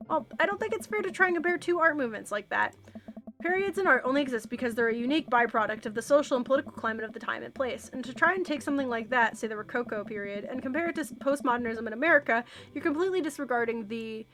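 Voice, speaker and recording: A woman's voice: sits high, animated, fast talker, a bit bright. A woman voicing a pompous middle-aged male art teacher who lectures at length in a wordy way. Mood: lecturing.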